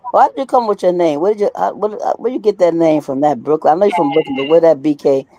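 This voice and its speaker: A woman co-hosting an interview, chatting casually in a relaxed, colloquial way and telling stories. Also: sits low, fast, dry recording. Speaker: co-host.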